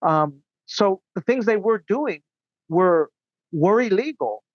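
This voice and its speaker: A man's voice: high voice, expressive, no echo, lo-fi sound. A man as a podcast guest, recounting his story in an earnest, indignant way. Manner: earnest, indignant, quick asides. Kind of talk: casual interview storytelling.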